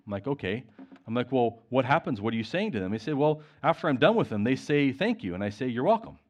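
A man preaching a sermon, retelling conversations and reading scripture aloud in an animated way. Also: mid-range voice, quick pace.

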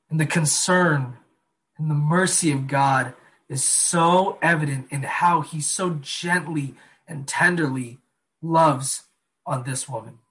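A man preaching a sermon, earnest, slowing down and dropping soft on key phrases. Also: a little high. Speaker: pastor.

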